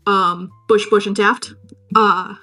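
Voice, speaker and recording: A woman's voice: medium pitch, fairly even intonation, slow pace, pushed and bright, soft background music. A young woman co-hosting a podcast, recapping a movie in a rambling, jokey way with lots of "like" and "um". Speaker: podcast co-host. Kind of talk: casual chat.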